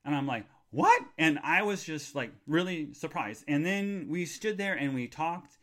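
A middle-aged man hosting a live podcast, rambling excitably and squealing at the high points. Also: normal speed. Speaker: podcast host.

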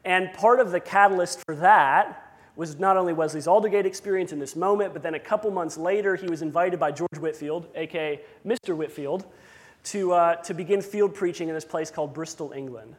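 A man's voice: a little high, brisk, in a large hall. A man preaching a sermon as pastor, conversational with self-deprecating asides.

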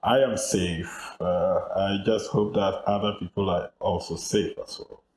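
A Ghanaian man in his fifties, a journalist answering interview questions in a measured, reflective way from his office. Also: low-pitched, fairly even intonation, darkish tone, roomy sound, slight background noise, poor audio. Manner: measured, reflective, with frequent fillers. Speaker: guest journalist. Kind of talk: interview over a remote call.

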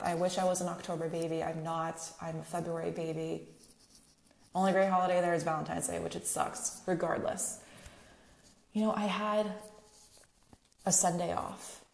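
A woman's voice: lowish voice, gravelly, darkish tone. A young woman hosting a podcast, talking on her own in a chatty, candid way and swearing freely. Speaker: podcast host. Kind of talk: casual solo podcast monologue. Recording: echoey room.

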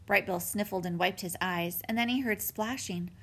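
A woman narrating a children's book in an expressive storytelling manner. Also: mid-range voice, normal speed, breathy edge. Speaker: audiobook narrator.

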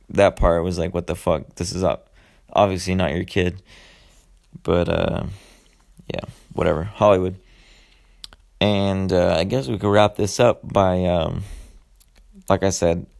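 A man with a very deep voice and a gravelly, creaky edge gives a casual movie recap. He curses constantly, rambles through fillers and side remarks, and talks like he's chatting with friends. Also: a little mellow. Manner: profane, rambling, heavy swearing; loose storytelling with many fillers and asides. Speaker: podcast host.

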